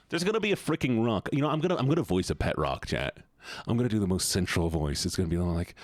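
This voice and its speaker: Male streamer, deeper voice, very lively up-and-down delivery, crude and jokey, dry close sound. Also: fast, no echo. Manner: joking, swears often, talks to chat. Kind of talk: casual livestream chat.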